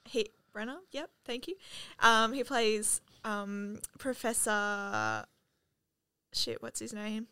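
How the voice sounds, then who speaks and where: A woman's voice: fairly high pitch, expressive, takes it slowly, bright, forceful tone, clean tone, dry recording. A woman co-hosting a casual film podcast, reading facts with lots of ums. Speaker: podcast co-host.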